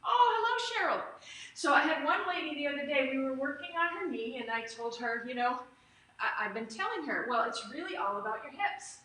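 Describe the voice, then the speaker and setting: A high, bright woman talks a stretch and strength class through each move over a live stream. She is upbeat and chatty and wanders off on small asides. Her voice rings around an echoey room. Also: lively intonation, fairly quick. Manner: upbeat, chatty, drifts into tangents. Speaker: fitness instructor. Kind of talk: live online exercise class. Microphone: camera or phone streaming live. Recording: roomy echo.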